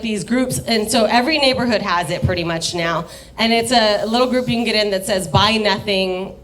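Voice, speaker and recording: Young woman, stand-up comic, slightly high voice, rambling, swears a lot, giggles at her own jokes. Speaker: stand-up comedian. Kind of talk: stand-up comedy set. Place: dive bar comedy stage.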